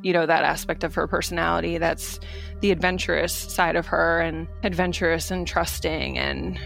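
A woman, the sister of the subject, retelling events with animated disbelief and getting choked up. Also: lowish voice, moderate pace, gravelly, soft background music. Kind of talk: emotional retelling.

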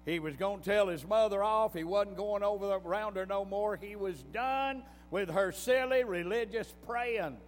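A preacher delivers his sermon like a folksy story, his fairly high voice climbing into emphatic bursts. The voice rings through a hall with a long reverb while soft music plays underneath. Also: normal speed, hardly any pauses.

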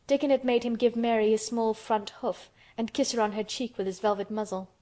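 A woman narrating a classic children's novel as an audiobook, in a gentle, even storytelling manner. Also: on the high side, a little fast.

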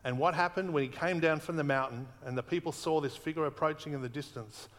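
Earnest preacher in a reverberant hall. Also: male voice, fairly high pitch, a bit bright. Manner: earnest, emphatic repetition, slows for weight. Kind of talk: sermon.

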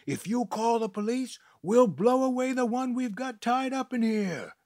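A man voicing a hooded young militant who yells threats, in a story reading. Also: very high voice, expressive, a little slow, dry recording, clean studio sound, pitched above the performer's own voice, heavily acted. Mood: threatening. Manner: yelling threats.

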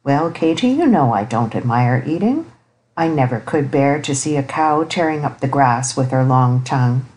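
Brief: woman voicing a low, grave old bachelor uncle, dry and ironic, storybook reading. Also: expressive, normal speed, a little mellow, low-quality recording. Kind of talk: audiobook character reading.

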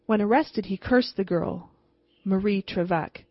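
A woman reading a ghost story aloud in a steady, measured way. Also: mid-range voice, no room sound. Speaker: audiobook reader. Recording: slightly muffled, dry recording.

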